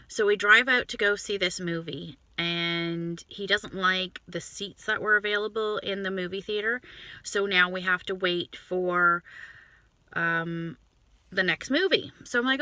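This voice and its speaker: A woman telling a dating story in a casual, animated way, swearing often, recorded inside a car on a phone. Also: on the low side, no echo. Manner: animated, profane, quick asides.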